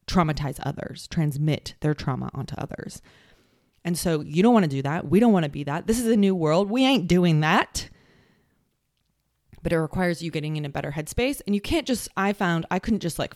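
A woman's voice: lowish voice, a little mellow, no room sound, studio quality. A woman hosting a casual solo podcast, talking bluntly with swearing and mocking sing-song impressions of other people. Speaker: podcast host.

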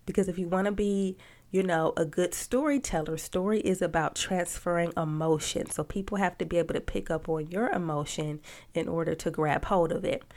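A woman's voice: on the low side, fairly quick, darkish tone. A woman coaching on storytelling in a conversational podcast talk who often checks in with "right?" and plays with emphasis.

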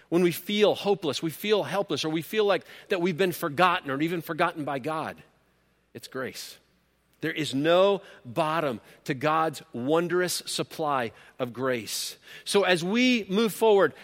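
A man preaching a sermon, earnest and emphatic, rising to loud peaks and then dropping low. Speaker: pastor. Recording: long hall reverb.

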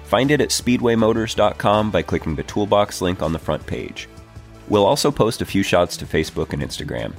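A man hosting a podcast, reading a scripted promo in a smooth, polished announcer manner. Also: on the low side, expressive, fairly quick, faint music behind. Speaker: podcast host.

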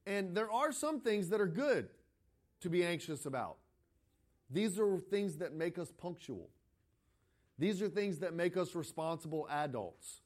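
A middle-aged man, a pastor, preaching a sermon in a conversational, animated way, often restarting his phrases as he tells a story. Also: high voice, measured pace. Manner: conversational preaching with frequent repeated starts; animated storytelling, breaking into quoted voices.

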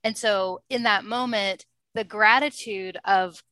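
A woman telling a personal story in a casual interview, chatty and animated, often laughing. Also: mid-range voice, slow, no room sound. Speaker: interview guest.

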